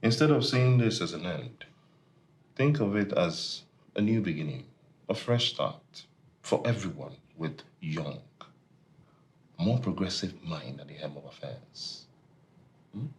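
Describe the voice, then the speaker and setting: A smug, deep-voiced company heir. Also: male voice, expressive, measured pace, pauses often. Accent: Nigerian. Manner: smug and dismissive, ends lines with a taunting 'hmm?'. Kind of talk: TV drama acting.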